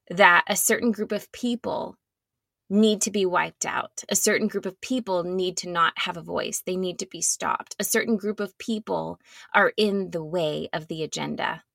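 A woman gives an earnest, reflective sermon in an unhurried way, with a gravelly edge to her voice. She sometimes sinks to a soft near-whisper, and the sound is close and dry. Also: on the low side, no room sound. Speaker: speaker giving a devotional talk.

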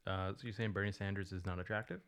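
Very low-voiced deadpan co-host woman. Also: fast talker. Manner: deadpan teasing interruptions. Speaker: podcast co-host.

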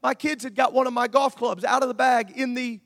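A male pastor preaching a sermon, moving from quiet asides to shouted peaks. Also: very high-pitched, steady tone, brisk, vocal fry.

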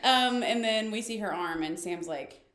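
A woman co-hosting a casual podcast, retelling scenes with animated character voices and dry, teasing asides. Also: mid-range voice, moderate pace, noisy background. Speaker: podcast co-host. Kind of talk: casual TV recap chat. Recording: echoey room.

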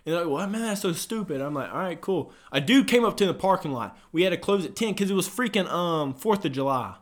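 A young man chatting casually about his job at a gym desk. His voice sits a little high for a man, and he swears freely while acting out both sides of phone calls. It sounds like relaxed, animated storytelling among friends. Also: fast talker. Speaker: gym front desk worker.

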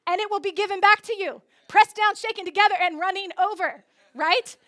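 High-voiced woman pastor preaching. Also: bright, forceful tone. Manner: emphatic preaching, repeating phrases for stress. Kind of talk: sermon. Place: church sanctuary.

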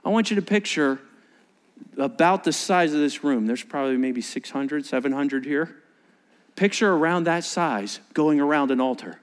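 Animated high-voiced male pastor. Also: normal speed, clear, resonant tone, in a large hall. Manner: animated storytelling, acts out scenes. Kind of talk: sermon. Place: large church auditorium with live congregation.

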